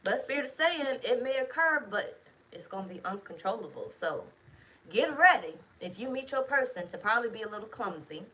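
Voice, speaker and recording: A woman's voice: a little high, very animated, fairly quick, sharp tone, poor audio. A woman giving a casual tarot reading to camera, talking bluntly and emphatically, with plenty of swearing. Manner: blunt, profane, emphatic, chatty. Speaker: tarot reader.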